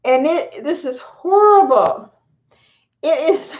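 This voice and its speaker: A woman's voice: high-pitched, animated, unhurried. A middle-aged woman chatting casually on a live stream at home, talking to viewers and her pets, recorded on a phone or camera mic. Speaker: vlogger. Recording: echoey room, dull lo-fi sound.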